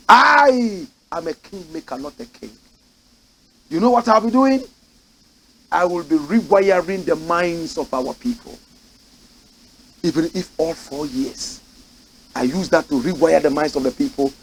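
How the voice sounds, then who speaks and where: A man with a Ghanaian English accent, a host delivering impassioned political commentary in a studio, swinging between shouting and low muttering. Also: slight background noise, rough recording. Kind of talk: impassioned talk-show commentary.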